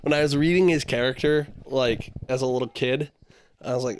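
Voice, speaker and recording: A man's voice: medium pitch, a little fast, slight background noise. A young man chatting casually on a podcast, rambling and filling his talk with "like" and easy laughter. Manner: rambling, heavy use of "like", laughs easily. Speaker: podcast co-host. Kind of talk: casual chat.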